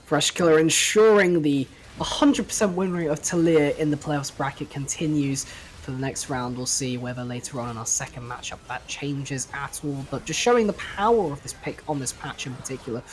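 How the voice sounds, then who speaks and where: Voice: mid-range voice, normal speed, a little hiss or hum. An esports co-caster chatting upbeat about the match and asking the player interview questions. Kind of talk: esports commentary.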